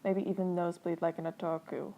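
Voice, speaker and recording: A woman's voice: fairly low pitch, flat delivery, quick pace, muffled recording, close to an everyday voice. A woman reading a fan story aloud, voicing a smirking young man who teases the heroine. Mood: teasing.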